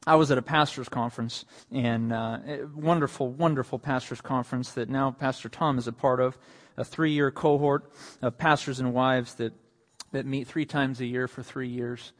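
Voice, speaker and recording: A male pastor preaching a sermon. His voice swells to emphatic peaks on quoted lines and sinks soft and low when he speaks of his own need. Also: fairly even intonation, normal speed, big-room sound. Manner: rises to emphatic, raised delivery on quoted lines, then drops soft and low.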